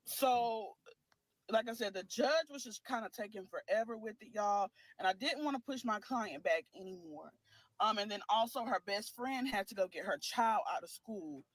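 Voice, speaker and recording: A woman's voice: mid-range voice, animated, moderate pace, no room sound, low-quality recording. A young woman, telling her own story to viewers and often calling them "y'all". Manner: keeps addressing listeners as "y'all". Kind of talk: emotional storytime.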